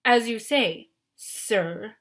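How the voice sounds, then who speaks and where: A woman's voice: on the high side, very slow, a bit bright. Woman doing a sneering French-accented villain. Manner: cruel, fawning, sneering. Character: cruel scheming male headmaster with French accent.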